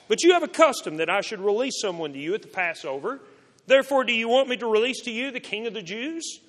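A man reading scripture aloud in a measured, solemn way. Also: high voice, fairly bright tone. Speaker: scripture reader. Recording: long hall reverb.

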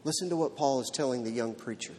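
A man's voice: mid-range voice, fast, a little mellow, slight background noise. A man preaching a sermon as pastor, driving his points home with emphatic rhetorical questions in a church. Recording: long hall reverb.

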